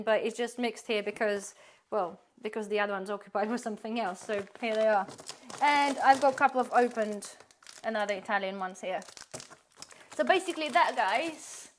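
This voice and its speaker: A woman's voice: a little high, a little hiss or hum. A woman, giving a chatty, rambling tour of her pantry and laughing often. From UK-based. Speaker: prepping vlogger.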